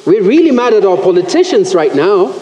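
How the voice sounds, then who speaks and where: Animated man preaching. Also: sits high, a little fast, a little hiss or hum. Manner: animated, acts out quoted voices, self-correcting. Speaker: pastor. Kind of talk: sermon. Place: church. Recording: roomy church echo.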